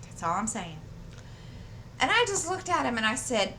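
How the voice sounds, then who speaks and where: A woman's voice: fairly high pitch, big pitch swings, measured pace, long pauses, sharp tone, slight background noise. A woman chatting casually to her channel while she crafts, rambling through a story with many fillers and restarts. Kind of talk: casual chat while diamond painting. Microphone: desk microphone.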